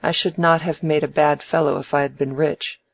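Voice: mid-range voice, steady tone, moderate pace, gravelly. A reader voicing an idle, proud young man in a novel, talking brashly and emphatically. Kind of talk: audiobook dialogue reading.

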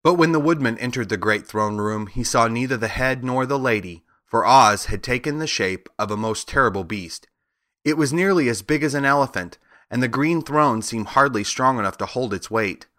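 Man reading a kids storybook, calm steady pace, dry close mic. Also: mid-range voice, normal speed, dry recording. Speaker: narrator. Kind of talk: storybook audiobook narration.

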